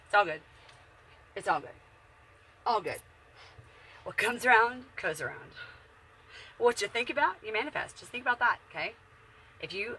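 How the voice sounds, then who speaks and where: Woman in her 40s, lively swooping pitch, bright forceful tone, blunt and profane, rambling bedroom vlog. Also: breathy edge. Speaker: vlogger. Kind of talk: casual rambling monologue.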